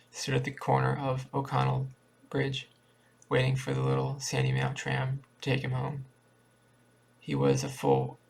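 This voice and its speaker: A man reading a short story aloud in a plain, steady way with small restarts. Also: medium pitch. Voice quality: creaky. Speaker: reader.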